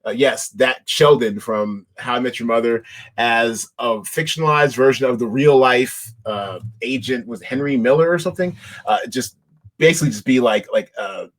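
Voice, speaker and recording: A man's voice: medium pitch, moderate pace, a bit bright. A man hosting a podcast, chatting casually about TV shows in a rambling way, with lots of restarts and fillers. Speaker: podcast host. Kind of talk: casual chat.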